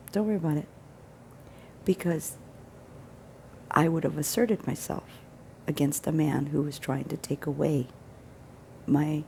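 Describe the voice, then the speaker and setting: A woman with a low, gravelly, mellow voice tells a personal story straight to camera. She speaks earnestly and with emphasis, often sinking into a hushed near-whisper. A faint hum of noise sits behind her. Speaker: vlogger. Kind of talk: casual vlog storytelling.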